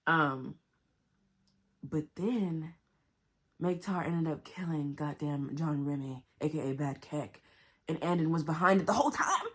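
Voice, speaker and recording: Woman, low voice, book vlogger, blunt and profane, animated reactions, slangy casual chat. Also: measured pace, long pauses. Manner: talks to herself and the viewers with slang.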